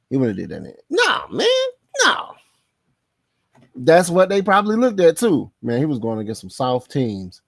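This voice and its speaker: A man hosting a casual sports podcast, excitable and slangy, laughing often as he talks. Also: mid-range voice, gravelly, no echo, studio quality. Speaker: podcast host.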